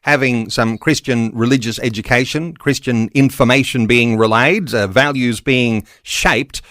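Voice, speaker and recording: A man hosting a discussion, asking questions in a measured way about religious education. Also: medium pitch, a bit bright, no room sound, studio quality. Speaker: host. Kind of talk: interview questions.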